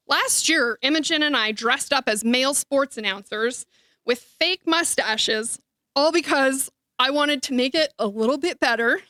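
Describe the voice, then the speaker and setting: Woman, high bright voice, heartfelt eulogy, tearful, dry sound. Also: a little slow, dry recording. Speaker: eulogy speaker, sister. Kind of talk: memorial speech. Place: memorial hall.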